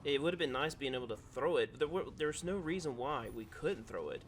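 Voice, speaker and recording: A man talks through his thoughts on a game in a loose, analytical voice-over. He rambles and restarts sentences as he works out what he means, at an ordinary mid-range pitch. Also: expressive, a little fast, slight background noise. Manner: rambling, analytical, self-correcting. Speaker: gaming video creator.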